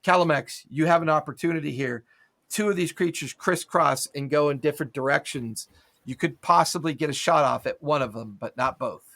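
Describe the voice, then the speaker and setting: A man runs a tabletop game, narrating a battle in cinematic detail while keeping a relaxed, chatty delivery with the odd filler. His voice is bright and forceful and sits a touch high. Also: fairly quick. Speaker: game master.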